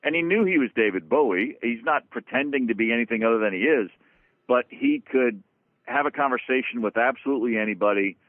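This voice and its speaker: A man, a guest drummer, tells road stories in an animated, casual way, swearing freely and restarting his sentences. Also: mid-range voice, fairly quick, no echo. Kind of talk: casual storytelling interview. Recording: dry, phone-like lo-fi sound.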